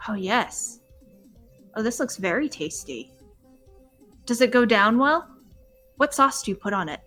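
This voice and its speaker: A woman voicing a huge, greedy female badger creature in a tabletop game, talking quickly and eagerly. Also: on the high side, expressive, bright, forceful tone, soft background music, full character voice.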